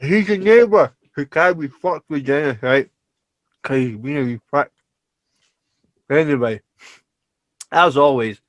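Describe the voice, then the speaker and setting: A Scottish-accented man co-hosts a podcast in casual chat, talking animatedly with plenty of laughter and offhand swearing. His voice is on the high side and a bit slow, with long pauses. There's no room sound.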